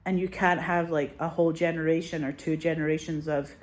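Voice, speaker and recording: A woman's voice: low voice, fairly even intonation, a little fast. A middle-aged woman chatting casually to her viewers, rambling and anxious, swearing often. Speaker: vlogger. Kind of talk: casual chat to camera.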